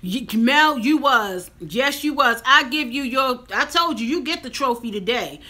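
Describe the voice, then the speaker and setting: A woman's voice: sits high, unhurried. A woman, chatting casually and emphatically to viewers in a vlog. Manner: animated, talks straight to viewers, emphatic. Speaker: vlogger. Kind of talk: casual mukbang chat to viewers.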